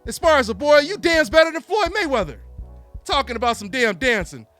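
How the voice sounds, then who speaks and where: High-voiced, bright-toned man hosting a talk show. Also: fairly quick, soft background music. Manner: animated, taunting, repeats himself. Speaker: boxing talk show host. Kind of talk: solo live call-in boxing talk.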